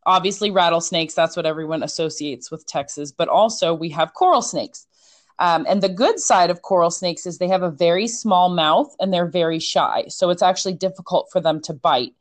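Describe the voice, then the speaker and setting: A woman telling a story in a casual chat, animated and chatty, with many fillers. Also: fairly low pitch, moderate pace.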